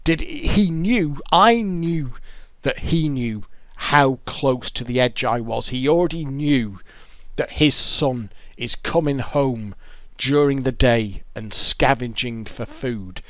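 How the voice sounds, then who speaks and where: A man's voice: medium pitch, slow, a bit bright, no echo, clean studio sound. A man tells a raw, confessional story to camera outdoors by a road. He swears often and stumbles over repeated words. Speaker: vlogger telling his own story.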